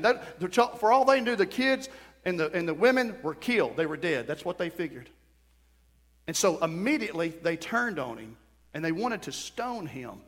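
Middle-aged male pastor with a high voice, animated storyteller, preaching in a church with long reverb. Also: moderate pace. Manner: animated storytelling with sudden bursts and drops. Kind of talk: sermon. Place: church sanctuary.

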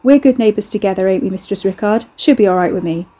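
A woman voicing a brash, mocking male troublemaker in a storybook reading, with a husky, mellow voice. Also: mid-range voice, quick pace, close to an everyday voice. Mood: taunting. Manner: cocky, taunting.

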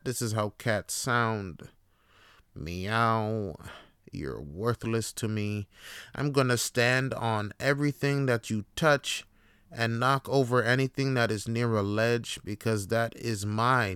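A man voicing a pampered, haughty cat who speaks to humans in a slow, condescending drawl. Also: on the low side, a bit bright, clean tone, no room sound, clean studio sound.

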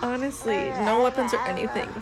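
Young woman on a movie podcast, lots of fry in her voice, swears, says like a lot, phone mic. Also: a little high, fairly even intonation. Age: young adult. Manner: self-deprecating, swearing, drawn-out filler "like". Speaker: podcast co-host. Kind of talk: casual chat.

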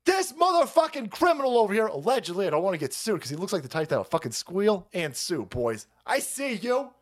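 Foul-mouthed male streamer, sarcastic rant, high and wildly swinging voice. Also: big pitch swings, fairly quick. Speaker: streamer host. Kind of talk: profane political comedy rant.

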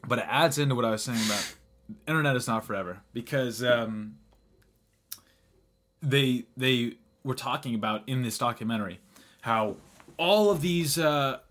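A man's voice: medium pitch, normal speed, pauses often, fairly bright tone. A young man hosting a casual podcast chat, rambling with restarts, laughing often and swearing casually. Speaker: podcast host.

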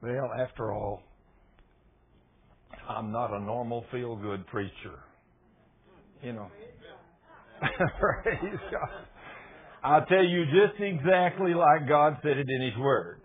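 A man preaching a sermon in a folksy, emphatic way, repeating phrases and rising to loud peaks. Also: mid-range voice, lively intonation, slow, pauses often. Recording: husky voice over a tinny phone-like line.

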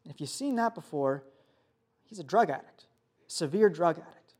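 A young man giving a youth sermon, telling a story in a casual, animated way full of fillers. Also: a little high, moderate pace, breathy edge. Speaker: youth pastor.

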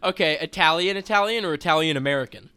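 Man, podcast co-host, slightly high, smooth voice, dry close sound, blunt and playful. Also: sharp tone, dry recording. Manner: blunt, playful, quick to laugh. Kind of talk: casual chat.

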